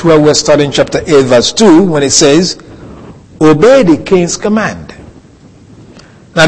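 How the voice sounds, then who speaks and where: A man preaching a Bible teaching sermon, slow and deliberate, lingering on key words. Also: on the high side, slightly rough. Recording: long reverb of a hall.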